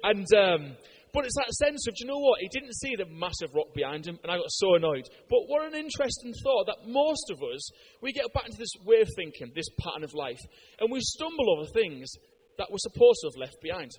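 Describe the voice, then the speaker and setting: An English man preaching a sermon in a conversational way, telling anecdotes with lively, animated delivery and frequent fillers. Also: sits high, brisk, slightly rough. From Britain.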